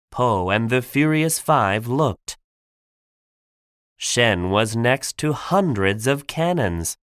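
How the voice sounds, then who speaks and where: A man narrating a simple graded-reader audiobook for learners, clear and deliberate. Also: medium pitch, expressive, fairly bright tone, no room sound, clean studio sound.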